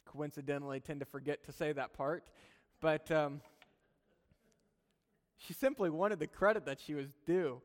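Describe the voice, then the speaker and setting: Male preacher, higher register, casual conversational sermon delivery, long hall reverb. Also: expressive, unhurried, long pauses. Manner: conversational, chuckling asides.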